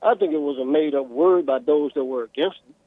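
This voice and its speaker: A man's voice: on the high side, fairly quick, no echo. An older man from Tennessee, calling in to argue, repeating himself and firing questions back. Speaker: caller. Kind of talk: call-in argument. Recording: tinny phone line.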